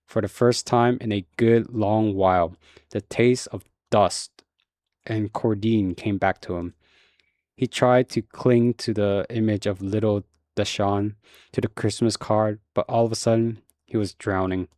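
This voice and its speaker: A man with a low voice reads a horror novel aloud in a relaxed, unpolished manner, now and then stumbling and correcting himself. The sound is close and dry, with no room around it. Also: a little slow, dry recording. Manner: casual, relaxed reading with occasional slips. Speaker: audiobook reader.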